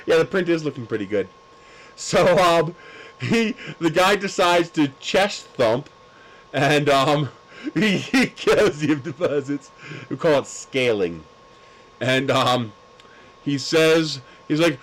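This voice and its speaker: A man's voice: fairly high pitch, animated, slow pace, long pauses, a bit bright, low-quality recording. A man hosting a livestream, telling stories in a casual chat with lots of laughter and crude jokes. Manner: laughing, crude joking storyteller. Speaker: livestream host.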